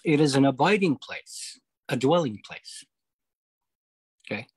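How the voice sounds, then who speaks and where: A man leading a Bible study over a video call, explaining scripture step by step, often pausing on okay and uh. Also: medium pitch, animated, slightly rough, no room sound, poor audio. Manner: explanatory, repeats key points, frequent okay and uh. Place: home, online meeting.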